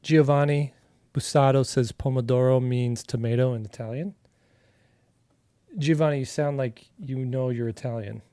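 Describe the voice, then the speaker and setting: A man from Arizona giving a relaxed, chatty digital art tutorial, talking as he works, with filler words and restarts. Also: mid-range voice, moderate pace, dry recording, clean studio sound. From Arizona, USA. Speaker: artist teaching a digital coloring tutorial. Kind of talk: casual live drawing tutorial.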